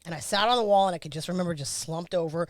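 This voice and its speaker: A woman's voice: lowish voice, rapid-fire, no room sound. A middle-aged woman, a former race car driver, bluntly recounting a crash in a candid interview, swearing freely.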